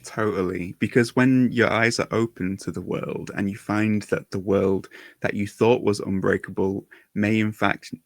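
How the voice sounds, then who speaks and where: A man hosting an author interview over a video call, gushing with enthusiasm and filling pauses with quick affirmations. His lowish voice has a gravelly fry and sounds dry and close, with little room around it. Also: fairly even intonation, no room sound. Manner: enthusiastic and gushing, many short backchannel affirmations. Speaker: interviewer for a fan book channel. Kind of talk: casual interview chat.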